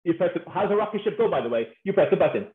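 Animated high-voiced man in echoey room. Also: rapid-fire. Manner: animated, playful, acts out voices and laughs often. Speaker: speaker on marriage. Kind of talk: humorous conference talk. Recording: tinny phone-like sound in an echoey room.

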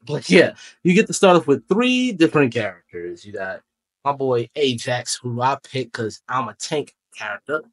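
A young man casually reviewing a video game as a channel host, chatty and rambling, correcting himself as he goes. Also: medium pitch. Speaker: gaming YouTuber.

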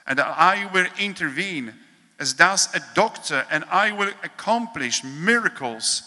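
A priest reading a devotional meditation in a slow, measured, solemn way, with pauses, in a large hall. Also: male voice, high-pitched, lively intonation, bright, forceful tone.

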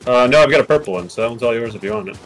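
A man's voice: medium pitch, animated, rapid-fire, a crowd in the background, poor audio. A man in voice chat trading easygoing quips and calling out hits while playing. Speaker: teammate in voice chat. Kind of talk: casual gaming chat.

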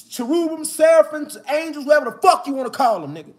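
A man with a strikingly high-pitched voice delivers a fiery, preaching-style monologue in heavy street slang. He talks outdoors in the mountains and climbs from low, steady talk into shouted emphasis. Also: fast talker, few pauses. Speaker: online spiritual speaker.

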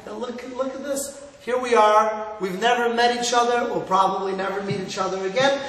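High-voiced rabbi in an echoey hall. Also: male voice, fairly even intonation, normal speed, fairly bright tone. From Cleveland, Ohio, USA. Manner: earnest storytelling, mixes in Hebrew and Yiddish words. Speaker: rabbi giving a talk. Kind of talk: sermon to a live audience. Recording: echoey hall, mic far off, faint noise.

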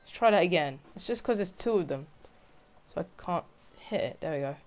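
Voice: mid-range voice, lively intonation, a little fast. Exasperated let's-play gamer, muttering and yelping. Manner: talks to self, frequent exclamations and groans. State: frustrated. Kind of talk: casual gameplay commentary.

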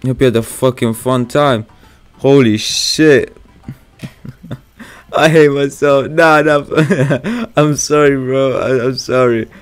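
A man playing a horror game on his channel, talking in casual slang, swearing a lot and getting loud and panicky at the scares. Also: medium pitch, slow, clear, resonant tone, soft background music. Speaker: gaming YouTuber. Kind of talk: horror game let's play.

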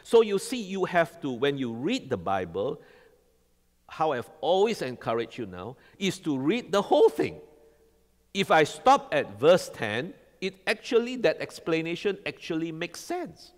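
A man's voice: a little high, wildly swooping pitch, unhurried. A man preaching a sermon as pastor. He talks animatedly and keeps quizzing the congregation with "all right?". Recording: long hall reverb.

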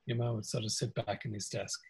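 A man's voice: lowish voice, little pitch movement, a little fast, slightly rough, low-quality recording. An older Irish man, a music producer, reminiscing casually in an interview, telling stories with frequent chuckles and little impressions of people. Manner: anecdotal, chuckles often, mimics voices in stories.

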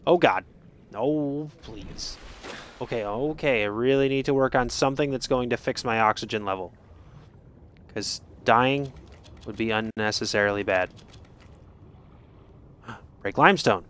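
A man's voice: medium pitch, measured pace, long pauses, a bit bright. A man giving jokey let's play commentary, reading game text aloud and swinging from mutters to sudden yelps. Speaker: gaming streamer.

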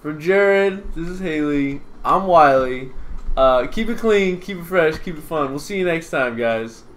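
A man's voice: a little high, lively intonation, a little slow, a little hiss or hum. A young man hosting a casual, joking chat while playing a video game. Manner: goofy, joking. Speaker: show host. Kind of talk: casual chat over gameplay.

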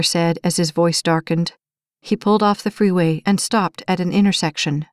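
A woman narrating an audiobook in an even, measured storytelling voice. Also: fairly low pitch, no echo, studio quality.

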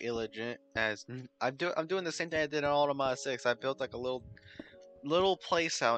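Man, gaming host, casual commentary, rambling, thinks aloud, bright tone. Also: mid-range voice. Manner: rambling, talks to himself, sudden startled exclamations and laughs.

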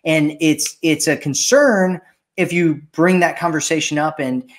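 A man's voice: on the high side, a little slow. Man giving casual dating advice. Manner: animated, acts out quoted voices. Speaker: dating coach and host.

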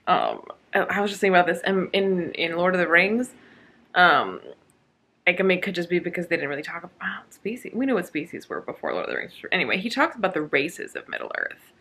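A woman talks casually to her camera about a book, slipping into sarcastic, exasperated rants. Her voice is bright and forward, and her speech is full of fillers and quick restarts. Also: on the low side, very animated, husky. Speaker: book vlogger. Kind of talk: casual reading vlog.

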